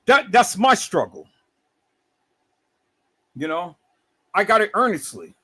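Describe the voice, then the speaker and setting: A middle-aged man hosting a livestream, talking in an animated, preachy way with many repeated words. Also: sits high, takes it slowly, husky. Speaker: livestream host.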